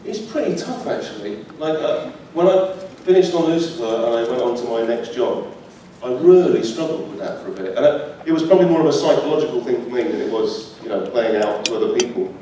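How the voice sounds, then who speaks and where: A man's voice: medium pitch, expressive, a little fast, dark tone, slight background noise. A British man, an actor answering fan questions at a convention panel, chatty and laughing often. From United Kingdom. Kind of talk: live panel Q&A. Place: large convention hall. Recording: echoey hall, mic from far.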